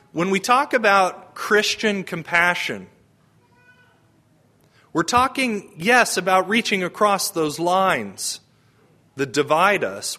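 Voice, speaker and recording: A man delivers a homily with a bright, clear edge to his voice. His pitch sits a little high. He preaches in a conversational way and often puts questions to the congregation. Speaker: priest.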